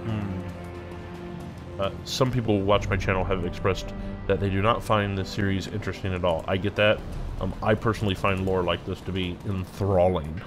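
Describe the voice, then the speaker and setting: A man's voice: sits low, level tone, normal speed, over music. A man hosting a let's play, commenting casually with fillers. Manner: casual, hesitant, with many fillers. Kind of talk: gameplay commentary.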